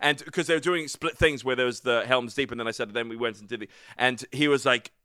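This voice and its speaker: A man's voice: medium pitch, fast, sharp tone, smooth, dry recording, clean studio sound. A young man, casually chatting and swearing as a podcast co-host, rambling through stories. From New Zealand. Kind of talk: casual chat.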